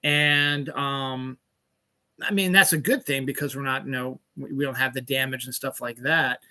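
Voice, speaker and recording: A man's voice: medium pitch, steady tone, moderate pace, bright, forceful tone. A middle-aged man from Maryland hosting a solo podcast. He rambles and rants with constant swearing, and sometimes stops to search for words. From Maryland, USA. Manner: profane, ranting, swears constantly. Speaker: podcast host.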